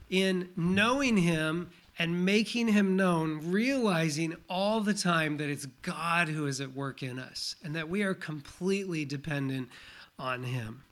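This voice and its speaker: A middle-aged man preaches a Sunday sermon as pastor, reading verses aloud with strong emphasis. His voice sits fairly high and sounds bright and forward. He leans into key phrases and then drops back to an explaining tone. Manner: reads scripture aloud, emphatic.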